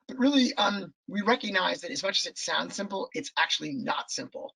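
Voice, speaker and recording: A man's voice: sits high, expressive, fairly quick, creaky, bright, forceful tone, breathy edge, low-quality recording. A man losing his voice, presenting a policy report on a webinar over a video call, hesitant with many ums and restarts.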